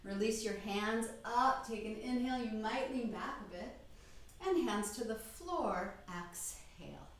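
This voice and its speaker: Calm yoga teacher in an echoey room. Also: female voice, fairly high pitch, unhurried, a little hiss or hum. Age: middle-aged. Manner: calm, encouraging cues, soft breathy exhales. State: slightly out of breath. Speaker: yoga instructor. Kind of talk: guided yoga class instruction.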